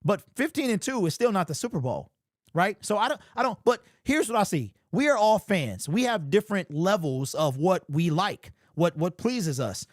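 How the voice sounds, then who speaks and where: A man from hosting a casual sports talk stream, answering chat in an animated, conversational way. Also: sits high, normal speed, no room sound, studio quality. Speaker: podcast host.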